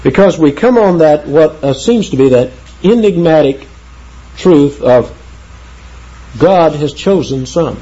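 A man teaching the Bible verse by verse in an emphatic way, slowing down to read scripture aloud. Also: fairly high pitch, lively intonation, warm tone, husky. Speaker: preacher. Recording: dull lo-fi sound.

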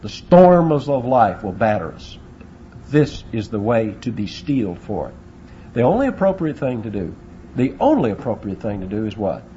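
A man's voice: on the low side, very animated, normal speed, warm tone, muffled recording, a little hiss or hum. A man preaching a sermon, asking rhetorical questions and acting out quotes. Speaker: pastor.

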